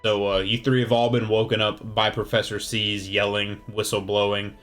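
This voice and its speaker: A man's voice: lowish voice, flat delivery, normal speed, fairly bright tone, soft background music. A man narrating a casual tabletop game as game master, loose and rambling with many fillers.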